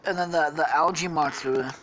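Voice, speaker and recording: A woman's voice: low voice, steady tone, moderate pace, fairly bright tone, a little hiss or hum, rough recording. A woman hosting a podcast, telling a crude comic story loosely with lots of swearing and laughter. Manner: profane, laughing, loose retelling. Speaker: podcast host.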